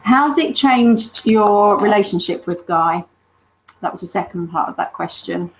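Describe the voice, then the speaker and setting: A woman hosting a podcast interview, agreeable and quick to chime in with listening sounds. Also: mid-range voice, animated, low-quality recording. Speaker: podcast host.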